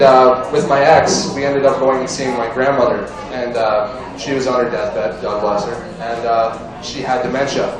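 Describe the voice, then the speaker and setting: With a mid-range voice drenched in heavy reverb, a young man rambles through a crude amateur stand-up set in a bar, talking with the crowd. A far camera records it, picking up crowd chatter and laughter.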